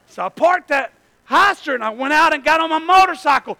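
A man, preaching a sermon in a church and telling a personal story that swings from hushed to shouting. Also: extremely high pitch, animated, a little fast, poor audio. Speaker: pastor.

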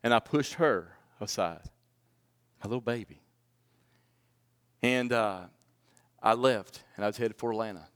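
A man's voice: a little slow, pauses often, clean tone. Man preaching a personal testimony. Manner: swings from loud pleading to hushed and low. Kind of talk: sermon testimony.

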